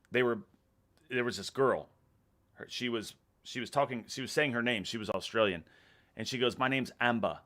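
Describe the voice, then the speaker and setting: On a live stream, a man in his thirties from Texas rambles through viewer comments with a Texan accent and a lowish, bright, forceful voice. His manner is relaxed, full of laughter, with sentences that tend to trail off.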